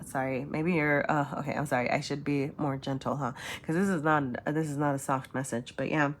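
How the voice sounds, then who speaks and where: A woman's voice: low voice, fairly even intonation, brisk. A woman doing a casual tarot reading, rambling with many fillers and often checking in with "right?" and "okay?". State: choked up at times. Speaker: tarot reader.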